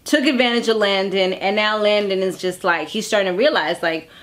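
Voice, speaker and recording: A woman's voice: medium pitch, fairly quick, a bit bright. A woman chatting casually through a TV episode recap, laughing often and acting out the characters' lines. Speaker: TV recap vlogger.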